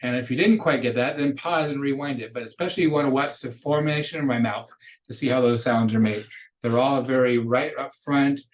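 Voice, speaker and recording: Man teaching, patient and casual. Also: medium pitch. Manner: patient, models phrases slowly and repeats them; casual explaining with restarts between drills. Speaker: Spanish teacher. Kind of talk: recorded pronunciation lesson.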